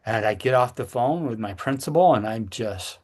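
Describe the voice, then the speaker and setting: A man's voice: mid-range voice, lively intonation, darkish tone. Earnest middle-aged man recounting a scare. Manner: earnest, halting, with frequent restarts. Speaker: podcast co-host. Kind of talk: personal storytelling in casual chat.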